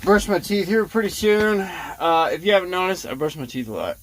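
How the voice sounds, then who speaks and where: A man's voice: sits high, animated, a little fast, slight background noise. A man talking casually to his vlog audience, rambling with lots of fillers and short laughs as he tells a story. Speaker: vlogger.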